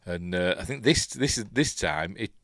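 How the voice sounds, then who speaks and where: A Yorkshire man hosts a relaxed film review as he watches, talking in a loose, rambling way. He hesitates often and corrects himself mid-sentence. His voice sits fairly low and sounds dry and close, with no room echo. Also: normal speed. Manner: rambling, chatty, full of ums and self-corrections. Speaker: film reviewer, channel host. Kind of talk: casual watch-along film commentary.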